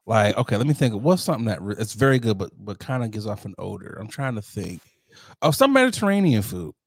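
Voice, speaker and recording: Male podcast co-host, casual and animated, giggly delivery, dry recording. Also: on the low side, quick pace, no room sound. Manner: laughs through his words, animated storytelling.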